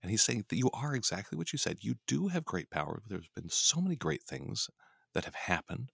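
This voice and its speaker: A young adult male pastor in casual Bible study talk, animated, often acting out quoted voices with a laugh, recorded on a studio mic. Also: fairly low pitch, a little fast, vocal fry, slightly rough, no room sound. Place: radio studio.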